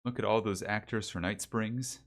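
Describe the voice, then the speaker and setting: A man's voice: on the low side, steady tone, normal speed. A man streaming a game, chatting casually with his viewers, rambling and reading their names aloud, on a desk mic with a pop filter. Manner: rambling, talks to chat, reads names aloud. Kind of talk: casual livestream chat. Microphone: desk mic with pop filter and windsock.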